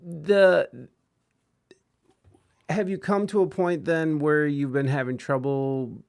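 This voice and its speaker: A man hosting a livestreamed interview show, chatting casually in a halting way and breaking off to thank viewers. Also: a little high, little pitch movement, vocal fry, darkish tone, clean tone. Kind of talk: casual chat.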